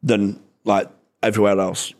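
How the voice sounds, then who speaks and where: A man's voice: on the low side, normal speed. Blunt, sweary man. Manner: sweary, blunt, animated storytelling. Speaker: stand-up comedian guest. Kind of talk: casual podcast chat.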